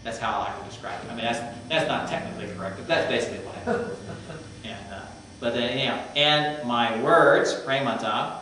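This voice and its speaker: A male professor talks through Greek grammar in a relaxed, explanatory classroom manner. He is heard from a distance in a very echoey room, with a faint hum underneath. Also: mid-range voice, quick pace. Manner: explanatory, parses Greek forms aloud, conversational asides. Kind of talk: classroom lecture.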